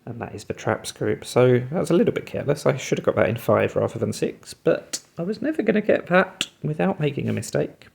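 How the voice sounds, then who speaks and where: A man's voice: medium pitch, lively intonation, brisk, gravelly, hardly any pauses, a little mellow, husky. A man hosting a puzzle video, musing and talking himself through his guesses while solving a word game.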